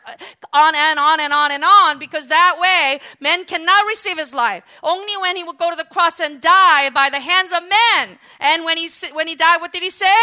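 A woman preaching a sermon in an animated way, acting out quotes and swinging between loud exclamations and quiet asides. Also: very high-pitched, normal speed.

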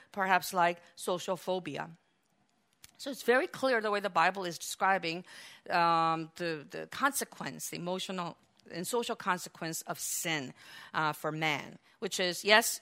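A woman preaching a sermon, acting out the quoted biblical figures with lively, raised delivery. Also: moderate pace. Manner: animated, acts out biblical quotes with raised pitch and volume.

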